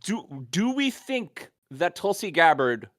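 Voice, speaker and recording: A man's voice: a little high, very animated, slow pace, a crowd in the background. A man co-hosting a casual podcast, eagerly explaining comic-book lore at length. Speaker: podcast co-host. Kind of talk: casual chat.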